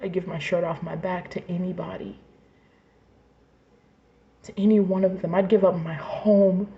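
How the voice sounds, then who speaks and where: A woman's voice: fairly low pitch, little pitch movement, normal speed, dark tone, dull audio. A woman in her twenties venting in an emotional personal rant, angry, raw and profane, sometimes dropping to a whisper. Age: 20s. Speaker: vlogger.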